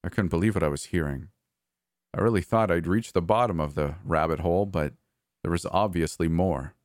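A man narrating a first-person horror story in a measured storytelling way. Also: sits low, no echo, clean studio sound.

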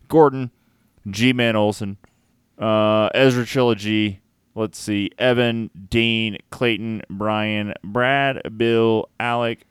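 A man's voice: lowish voice, clear, resonant tone, dry recording, studio quality. A man co-hosting a casual podcast who jokes around and rattles through long lists of names. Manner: joking, rattles off name lists. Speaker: podcast co-host. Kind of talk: casual chat.

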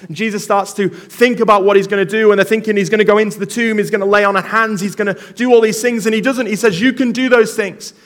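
A male pastor preaching a sermon, retelling a story in an animated way and calling on the congregation to join in. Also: high voice, quick pace, hardly any pauses.

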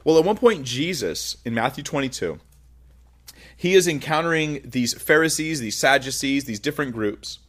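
A man preaching a sermon, teaching verse by verse from scripture with animated, rising and falling emphasis. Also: mid-range voice, normal speed. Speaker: pastor.

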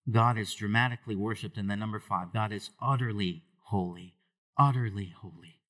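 A man preaching a sermon as pastor to a church congregation, asking them questions and moving between hushed low lines and raised loud ones. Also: a little fast.

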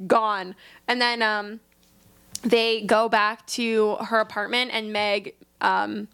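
A young woman casually retelling a novel's plot on a podcast, animated and profane, jumping into character voices. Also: medium pitch, slow, creaky, clean tone. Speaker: podcast co-host. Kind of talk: casual book review chat.

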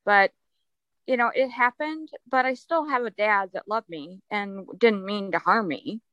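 A woman's voice: mid-range voice, unhurried, a bit bright, no echo, rough recording. A woman guest on a podcast, speaking in a heartfelt, emphatic way and repeating her points. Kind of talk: conversational interview.

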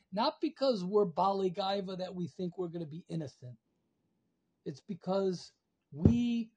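Man, rabbi's class, high husky voice, repeats himself emphatically, lo-fi video call audio. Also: dark tone. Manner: emphatic, repeats phrases, rises in pitch and volume when pleading. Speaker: rabbi teaching alumni.

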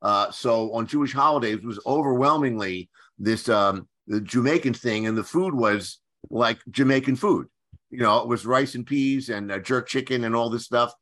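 An older man from the Philadelphia area, a guest screenwriter telling anecdotes in a halting way, with many restarts and fillers. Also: mid-range voice, fairly bright tone. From Philadelphia area, USA. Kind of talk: anecdotal storytelling.

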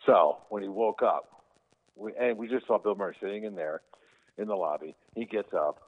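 A man with a very deep voice tells stories in a relaxed, lively way, jumping up in pitch when he quotes people. His voice comes through a thin, phone-like line. It sounds like a chatty remote interview. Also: fairly quick. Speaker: guest telling stories about his brother. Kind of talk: casual anecdotal storytelling.

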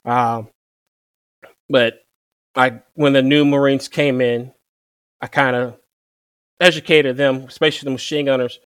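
A young man who served as a Marine, telling his story in a relaxed, conversational way and quoting people with "I'm like.". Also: medium pitch, measured pace, long pauses, clean tone, no room sound, studio quality. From Virginia. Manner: relaxed, repeats "I'm like" to quote himself. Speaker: interview guest, former Marine machine gunner.

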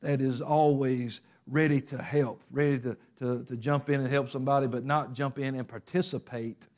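A man preaching a sermon in a conversational way, acting out little quotes and often pausing with fillers. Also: medium pitch, steady tone, darkish tone. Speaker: pastor.

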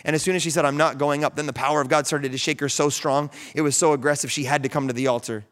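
A man's voice: fairly high pitch, fast. A man in his thirties, a pastor preaching a sermon and telling stories with rising fervor. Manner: storytelling, animated, rising to fervent peaks.

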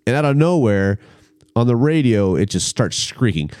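A man telling a story in a casual chat, animated and acting out the people in it. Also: medium pitch, moderate pace, smooth, dry recording, clean studio sound.

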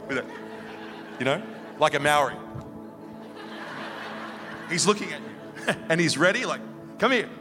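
A man in his thirties preaching a sermon, confessional and impassioned, swinging between quiet asides and loud pleading. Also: mid-range voice. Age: 30s. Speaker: guest preacher. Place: church hall. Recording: long hall reverb.

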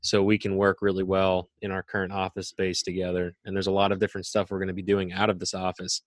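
A man's voice: low voice, monotone, fast talker, dry recording. A man co-hosting a podcast, speaking casually and hesitantly with many fillers. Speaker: podcast co-host.

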